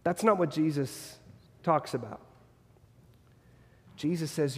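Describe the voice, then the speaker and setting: A man's voice: fairly high pitch, normal speed, pauses often, a little mellow, big-room sound. A man preaching a sermon as pastor, earnest and fond of repeated rhetorical questions.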